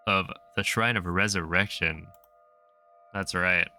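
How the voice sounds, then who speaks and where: A man's voice: sits low, fairly even intonation, slow pace, pushed and bright, clean tone, faint music behind. A man streaming a video game, chatting casually and joking back and forth with his chat at a desk mic. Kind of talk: casual chat while gaming.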